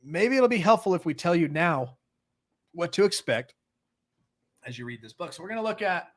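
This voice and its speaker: A man's voice: high-pitched, expressive, moderate pace. Earnest man hosting a recovery chat. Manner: earnest, plain-spoken, reads book passages aloud then comments. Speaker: recovery meeting host reading aloud. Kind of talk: casual live-stream chat.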